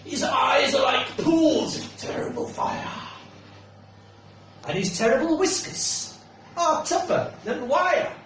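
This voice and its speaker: A man voicing a big shaggy monster father who tells tall tales in a slow, dramatic way. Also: very high voice, lively intonation, a bit bright, slight background noise, heavily acted. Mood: boastful. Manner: slow, dramatic storytelling delivery. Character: big shaggy monster dad, boastful storyteller. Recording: echoey room, mic far off.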